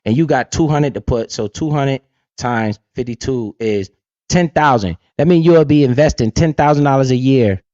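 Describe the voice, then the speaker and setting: A man's voice: medium pitch, moderate pace, a little mellow, no room sound. A man hosting a casual livestream, swaggering and profane, tossing in "right?" again and again. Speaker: livestream host. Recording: dull lo-fi dry sound.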